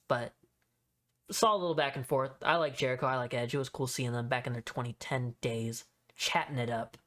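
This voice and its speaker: A man hosting his own podcast rambles through a casual solo recap in a brisk, mid-range, fairly bright voice. His talk is loose, packed with fillers and offhand swearing.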